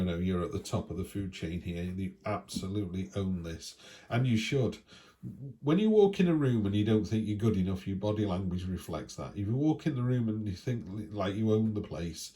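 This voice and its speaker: Man, deep voice, warm mellow tone, casual tarot reader, rambling chatty delivery, tag questions. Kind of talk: casual weekly tarot reading.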